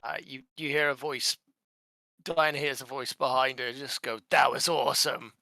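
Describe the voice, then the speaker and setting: A player in a tabletop game, excitable and quick to laugh. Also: mid-range voice, no echo, clean studio sound. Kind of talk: casual tabletop play.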